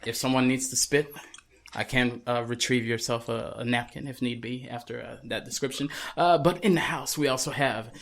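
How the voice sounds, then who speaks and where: A man's voice: medium pitch, fairly even intonation, normal speed, vocal fry, fairly bright tone. A man with a Texan accent hosting a casual podcast, laid-back and jokey, often laughing. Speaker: podcast host. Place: room with several people.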